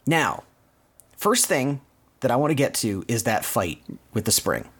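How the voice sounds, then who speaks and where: A man's voice: mid-range voice, sing-song, a little slow, a bit bright, husky. A man hosting a podcast, casually recounting cartoon plots in detail. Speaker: podcast host. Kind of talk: casual cartoon recap chat.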